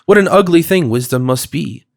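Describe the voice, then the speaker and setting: A man voicing a glib, smooth-talking cosmopolitan who speaks in an effusive, rhetorical way. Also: a little high, animated, moderate pace, voice pushed up. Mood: earnest.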